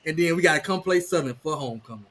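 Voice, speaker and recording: A man in his thirties talks sports in a rapid, tumbling rush, his voice sitting a little high. He restarts and repeats words as his excitement gets ahead of him. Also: a little hiss or hum. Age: 30s. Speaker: guest, rival team insider. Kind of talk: casual sports talk.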